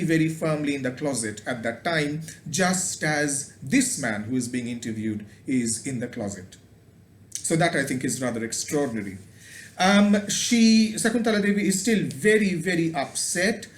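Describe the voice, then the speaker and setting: A man's voice: on the high side, lively intonation, moderate pace. Roomy-sounding man giving a lecture. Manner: thoughtful, hesitant with many ums and repeated words. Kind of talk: spoken video lecture. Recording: roomy echo.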